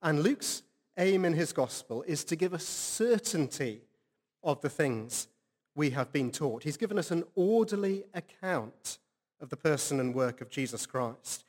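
A man's voice: on the high side, a little mellow, in a large hall. A man preaching an earnest, conversational sermon with rhetorical questions.

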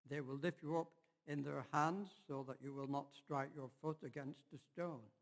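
A man giving a measured, unhurried Bible reading in church. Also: on the high side, fairly even intonation, big-room sound. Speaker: scripture reader.

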